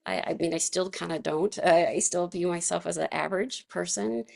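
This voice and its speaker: Leading a relaxed wellness class, a woman speaks fairly quickly in a fairly low, gravelly voice with a darkish tone. Her guided instruction is chatty and casual, punctuated by frequent laughter, fillers and restarts.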